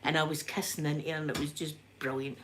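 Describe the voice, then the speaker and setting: A woman with a Glaswegian accent chatting to live viewers in an animated way, a little breathless as she recovers from illness. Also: deep voice, fast talker, noisy background. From Scotland. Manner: chatty, animated storyteller, reads out chat names. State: a bit breathless after illness. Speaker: livestream host. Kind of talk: casual chat with live viewers.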